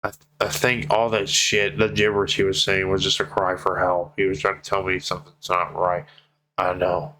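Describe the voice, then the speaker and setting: Man, very low voice, tearful vlogger, heartfelt and profane, slow earnest emphasis. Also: monotone, sharp tone, a little hiss or hum, poor audio. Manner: heartfelt, swears freely, slow pleading emphasis. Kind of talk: emotional personal vlog.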